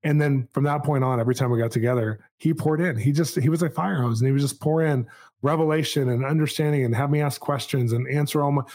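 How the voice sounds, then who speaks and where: A man in his forties with a mid-pitched voice recounts a personal story in a relaxed podcast chat. He talks in an animated, self-amused way and slips quick asides into the telling. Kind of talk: casual storytelling.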